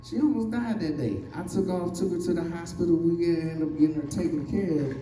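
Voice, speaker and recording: A man's voice: on the high side, a little fast, mellow, reverberant, far from the mic, faint music behind, rough recording. A man in his forties doing a stand-up comedy set, telling family stories and acting out his relatives' voices. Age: 40s. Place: comedy stage.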